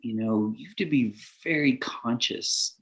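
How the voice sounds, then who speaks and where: A man's voice: mid-range voice, unhurried. A middle-aged man talking earnestly on a podcast as a guest, rambling with lots of fillers and laughing often as he talks. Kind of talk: casual podcast conversation.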